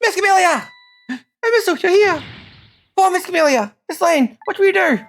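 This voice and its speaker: A woman voicing a frightened, hopeful young girl in a high, childlike voice. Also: animated, moderate pace, slight background noise. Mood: anxious.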